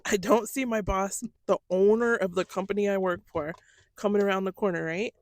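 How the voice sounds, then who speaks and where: A podcast co-host in a studio, this woman spins stories in relaxed conversation and swears freely as an animated storyteller. Her voice is medium-pitched and runs a little fast.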